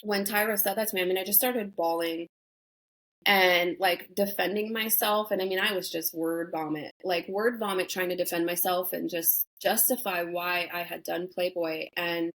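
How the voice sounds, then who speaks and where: A woman's voice: on the low side, fairly even intonation, moderate pace, a bit bright, rough recording. A young adult woman, a guest on an interview show, talking candidly and bluntly, with frequent swearing and lots of "like" and "you know" fillers. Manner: emphatic, blunt, swears freely. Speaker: interview guest, former reality show contestant.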